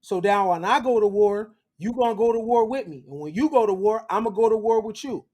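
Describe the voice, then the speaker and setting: A man's voice: sits high, fairly quick, a little mellow. A man hosting a lecture-style commentary, talking bluntly and emphatically in slang. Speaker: host.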